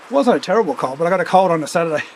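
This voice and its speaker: A man's voice: a little high, expressive, racing, a little hiss or hum, rough recording. A man with a runny nose from a cold, chatting casually and rambling with asides while riding on a home trainer as a stream host. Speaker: streamer hosting a cycling ride-along.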